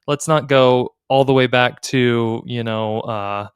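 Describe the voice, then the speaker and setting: A man's voice: mid-range voice, fairly even intonation, slow, clear, resonant tone, no echo, clean studio sound. A man co-hosting a casual podcast conversation, playfully quizzing his co-host like a game show.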